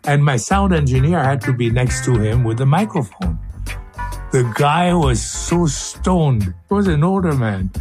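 A man's voice: medium pitch, a little slow, over music. An older man hosting a radio show, joking and telling stories with playful asides and funny voices. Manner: jokey, animated, slips into funny voices. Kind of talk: playful radio banter and storytelling.

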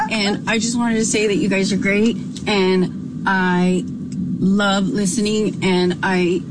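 A woman caller from Arizona leaving a rambling, chatty message for a radio show, laughing and getting tearful. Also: mid-range voice. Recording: loud background noise.

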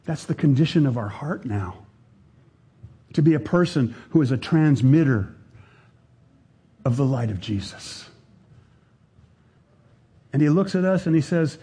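An older man preaches a sermon at an unhurried, measured pace, his voice husky and mellow. He repeats key phrases and drops almost to a hush when he presses a point. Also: mid-range voice, expressive. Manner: slow, deliberate, repeating phrases and dropping to a hushed voice for emphasis.

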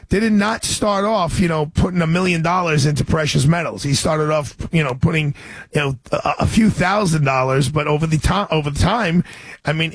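Older male radio host, husky, dry close sound, rambling storyteller. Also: fairly high pitch, fairly bright tone, no room sound. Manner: rambling storyteller with restarts and chuckles. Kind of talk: casual radio talk.

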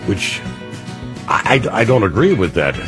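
A man's voice: fairly low pitch, sing-song, measured pace, over music. A man hosting a talk radio show, reading news items and adding opinionated, conversational asides with frequent "uh" fillers.

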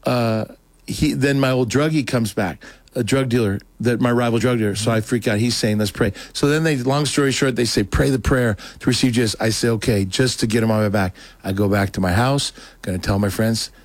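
A man telling a personal testimony as a talk show guest, rambling and excitable, acting out what others said. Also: a little fast, no room sound. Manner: rambling, excitable, acts out quotes in a higher voice. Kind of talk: casual storytelling.

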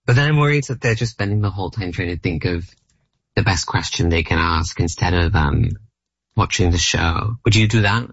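A man's voice: low-pitched, moderate pace, fairly bright tone, husky, dry recording. A man in his thirties with an Australian accent, a comedian guest chatting casually in an interview, rambling and self-deprecating with lots of fillers. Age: 30s. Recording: muffled dry broadcast audio.

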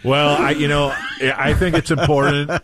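A man's voice: fairly high pitch, flat delivery, moderate pace, noisy background. A man co-hosting sports radio, joking in a mock-pompous speechmaking manner. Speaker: radio co-host. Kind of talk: casual sports radio banter.

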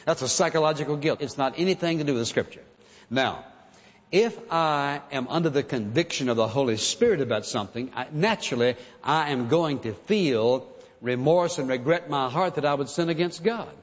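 A man's voice: a little high, normal speed. Man preaching in an echoing hall. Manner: earnest, emphatic, acts out pleading prayers. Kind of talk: sermon. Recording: dull sound with long hall reverb.

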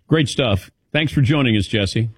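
A man hosting a sports talk show, telling stories in a lively, animated way and calling on his co-hosts by name. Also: medium pitch, moderate pace, slightly rough, dry recording, studio quality. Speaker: radio show host. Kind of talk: casual sports talk chat.

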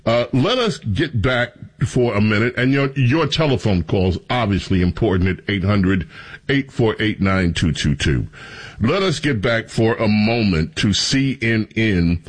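A man hosting a talk radio show, talking in a sarcastic, animated, mocking way. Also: lowish voice, unhurried.

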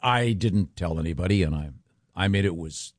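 A man hosting a radio show, telling stories in casual banter with frequent halting restarts. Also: low-pitched, no room sound, clean studio sound. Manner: rambling, halting storyteller.

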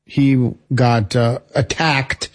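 A man co-hosting a radio show, chatty and joking as he tells a quick story. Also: mid-range voice, steady tone. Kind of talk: casual chat.

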